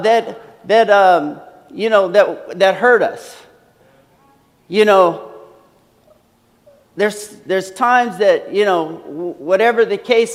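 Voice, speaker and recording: A man preaching a sermon earnestly, repeating phrases and using many fillers, in a large hall. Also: high-pitched. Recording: long hall reverb.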